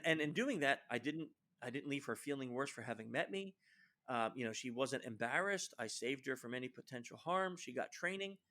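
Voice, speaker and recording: A man as a podcast guest telling stories about his work, animated and acting out quoted lines, with many fillers and restarts. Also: medium pitch. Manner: animated storyteller who acts out quoted lines. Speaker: guest social engineer. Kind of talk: storytelling in a podcast interview.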